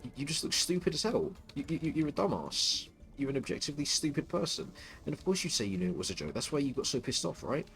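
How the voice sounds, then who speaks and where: A man's voice: a little high, big pitch swings, fast, creaky, a bit bright, soft background music. A man streaming live, ranting with open contempt and falling into frequent stuttering restarts.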